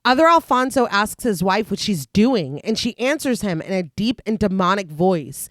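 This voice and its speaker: Woman podcast co-host, animated recap delivery, dry close mic. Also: medium pitch, moderate pace, few pauses, no echo. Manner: recaps plot in long lively read-through, laughs often. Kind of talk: casual chat and plot narration.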